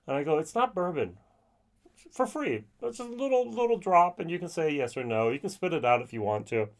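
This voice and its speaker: Chatty man reviewing whiskey. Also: a little high. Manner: chatty and animated, acts out people he meets with quick voices. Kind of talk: casual video review.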